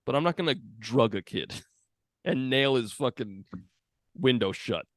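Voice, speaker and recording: A man of middle pitch talks through film scenes in a loose, relaxed way, full of "like" and "yeah". His voice is close-miked and dry, with no room sound. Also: unhurried, dry recording. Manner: relaxed, retelling scenes, filler-heavy. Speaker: podcast host. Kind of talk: casual film chat.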